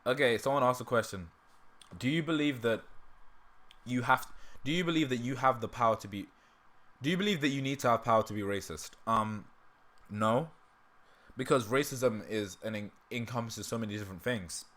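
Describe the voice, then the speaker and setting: A man's voice: mid-range voice, normal speed, long pauses, fairly bright tone. A man hosting a livestream in casual, rambling chat, laughing often and breaking off mid-sentence, with a sore throat. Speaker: livestream host.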